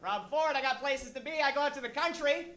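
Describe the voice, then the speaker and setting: A man's voice: very high-pitched, brisk, pushed and bright, voice pushed up. A man doing a blustering, evasive mayor. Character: impression of a blustering big male city mayor. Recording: echoey live room.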